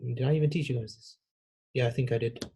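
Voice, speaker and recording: A man's voice: mid-range voice, steady tone, quick pace, mellow, a little hiss or hum. A man teaching an Arabic grammar class, patiently repeating key phrases and praising his students. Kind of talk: classroom lesson.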